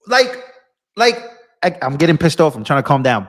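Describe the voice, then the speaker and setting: A young man with a fairly high voice hosts a political live stream. He rants with heat and passion and talks straight to his viewers as bro and y'all. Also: big pitch swings, fairly quick. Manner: impassioned, ranting, addresses viewers as bro and y'all. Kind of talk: heated live-stream commentary.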